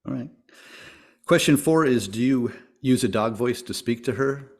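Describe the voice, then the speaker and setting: A man's voice: mid-range voice, normal speed. A man hosting a podcast, asking casual interview questions in an upbeat way and chuckling often. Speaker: podcast host.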